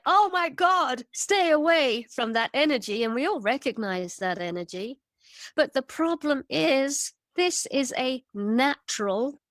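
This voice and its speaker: A woman guest on a podcast who tells stories with energy, piling up vivid emphatic lists. Her voice sits slightly high. The sound is close and dry. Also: a bit bright, no room sound. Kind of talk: casual storytelling conversation.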